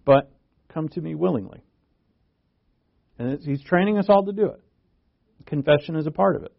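A man preaching a sermon, earnest and halting, restarting phrases and pushing his voice up for emphasis. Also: on the high side, vocal fry, muffled recording. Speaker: pastor.

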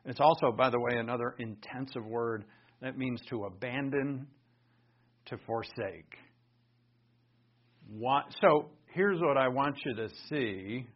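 A man teaching a Bible lesson in sermon style, conversational and animated, raising his voice for emphasis. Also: mid-range voice, unhurried, long pauses. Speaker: pastor teaching. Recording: dull lo-fi recording.

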